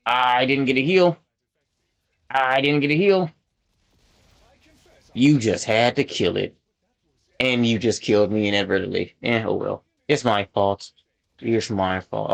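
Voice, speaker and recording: While playing a game, a man who hosts a gaming channel keeps up loose, casual commentary, wandering off topic and padding pauses with "um" and "like." His pitch is ordinary and mid-range. Anything that irritates him makes him louder and livelier.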